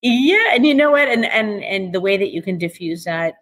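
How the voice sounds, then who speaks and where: A middle-aged woman speaking as an interview guest, animated and acting out bits of dialogue in different voices. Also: medium pitch, normal speed. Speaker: guest, recovery author. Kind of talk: conversational interview.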